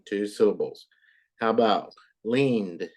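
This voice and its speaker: A woman English tutor talks slowly and patiently to a young pupil. She repeats words carefully to model them and keeps her tone encouraging. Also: very deep voice, darkish tone. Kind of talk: online tutoring lesson.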